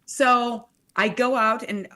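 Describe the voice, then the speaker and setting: A woman's voice: fairly high pitch, steady tone, slow pace, sharp tone. A middle-aged woman from Chicago, telling a story dramatically on a talk show, acting out the voices. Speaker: guest. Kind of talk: animated anecdote telling.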